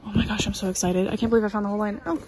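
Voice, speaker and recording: A young woman, gushing excitedly in a casual doll-collecting vlog. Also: mid-range voice, rapid-fire. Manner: excitable and gushing, with frequent exclamations. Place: busy retail store, indoors.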